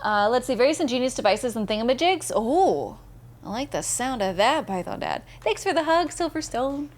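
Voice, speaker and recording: A bubbly woman streaming a game, chatting with her viewers and laughing easily. Her voice sits a bit higher than most. She reads messages aloud between moments of play. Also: big pitch swings, normal speed. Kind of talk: casual live-stream chat while gaming.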